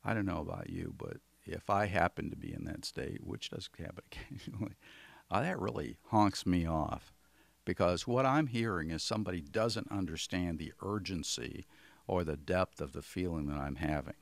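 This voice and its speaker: Low, gravelly male communication trainer. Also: moderate pace, no echo. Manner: folksy, conversational, explains with homely examples. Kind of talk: instructional talk to camera.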